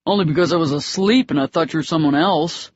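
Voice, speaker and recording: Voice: medium pitch, fast, dry recording, natural voice. An audiobook narrator voicing an angry, blunt young man who speaks in clipped, hard phrases. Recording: dry, slightly dull audiobook recording.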